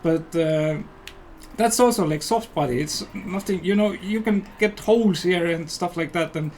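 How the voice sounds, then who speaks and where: Estonian-accented male dev, high and eager, faint hum behind. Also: normal speed, a little mellow. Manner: rambling and enthusiastic, many fillers. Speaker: game developer and guest player. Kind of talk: casual livestream chat while playing.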